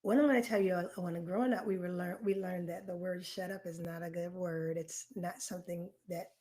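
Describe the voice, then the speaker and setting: A woman's voice: fairly low pitch, fairly even intonation, a little fast, a little mellow. A woman hosting a live online self-reflection workshop, talking straight to her participants in an earnest, encouraging way and stressing key phrases. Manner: emphatic, repeats key phrases. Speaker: workshop host.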